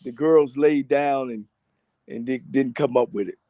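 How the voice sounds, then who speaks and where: A man's voice: mid-range voice, measured pace, mellow, no room sound, clean studio sound. A man, a coach guesting on a video call, laid-back with short plain answers. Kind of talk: casual sports chat.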